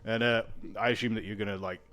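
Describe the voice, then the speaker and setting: A man's voice: on the low side, steady tone, fast talker, fairly bright tone. A man narrating as game master of a tabletop game, laughing often and using lots of fillers.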